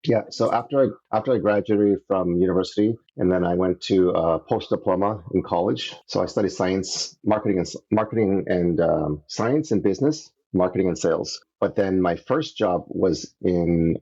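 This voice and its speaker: Man, from canada, podcast guest, low husky voice, earnest storyteller, dull lo-fi sound. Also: moderate pace, hardly any pauses. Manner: earnest, animated, acts out quoted voices. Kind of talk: casual storytelling interview. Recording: dull lo-fi audio.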